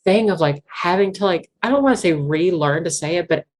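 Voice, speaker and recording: A woman's voice: lowish voice, expressive, brisk, darkish tone. A young woman with a Southwest Virginia Appalachian accent, talking earnestly and at length as an interview guest, full of "like" fillers. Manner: rambling, earnest, heavy use of "like" fillers. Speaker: interview guest, banjo musician. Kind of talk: casual conversational interview.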